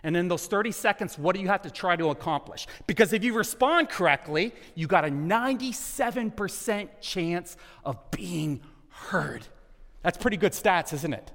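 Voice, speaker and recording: A man's voice: high voice, expressive, moderate pace, a bit bright. Preaching man in a reverberant hall. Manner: earnest, asks the congregation questions. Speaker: pastor. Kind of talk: sermon.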